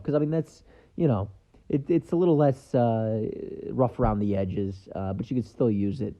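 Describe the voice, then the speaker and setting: In a relaxed solo episode of his own podcast, a man rambles in an offhand way, leaning heavily on fillers. He has a mid-range, dark-toned voice and a moderate pace, and the audio is dull.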